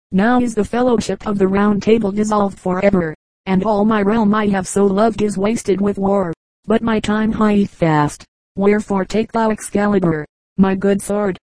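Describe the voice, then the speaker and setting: A dying king gives solemn, archaic commands, voiced by a woman reading a storybook aloud. The delivery stays even and unhurried, with a mellow tone in a dry, close recording. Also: medium pitch, dry recording, close to an everyday voice, poor audio.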